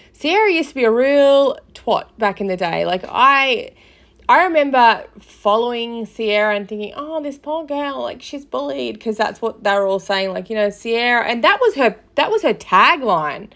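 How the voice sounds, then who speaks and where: A woman's voice: on the high side, fairly bright tone. A woman hosting a casual commentary podcast, talking in a loose, gossipy way with lots of fillers and swearing. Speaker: podcast host.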